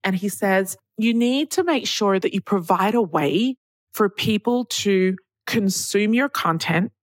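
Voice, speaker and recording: A woman's voice: mid-range voice, a little slow, dry recording. A woman hosting a solo podcast, talking in a chatty, candid way and acting out the people she quotes. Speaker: podcast host.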